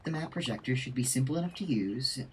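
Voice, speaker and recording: A man's voice: medium pitch, animated, quick pace, noisy background, lightly acted. A man reading as a meticulous game companion. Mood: earnest. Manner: plain, conversational line reading. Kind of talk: reading game dialogue aloud.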